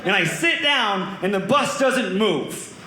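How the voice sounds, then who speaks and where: A young man telling a stand-up story on a comedy club stage, animated and acting out voices and sound effects. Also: sits high, takes it slowly. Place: comedy club stage before a live audience. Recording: roomy club with loud audience laughter.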